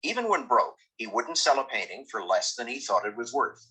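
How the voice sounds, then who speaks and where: A man reads a documentary narration in a measured, dry way. His voice is bright with a husky edge, and his pitch moves a lot. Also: sing-song, poor audio. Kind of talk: scripted narration.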